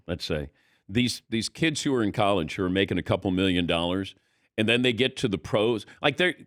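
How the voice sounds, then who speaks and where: A man in his sixties hosting a sports talk radio show in a studio, talking in an animated, rambling, conversational way. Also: fairly low pitch, dry recording. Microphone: studio mic.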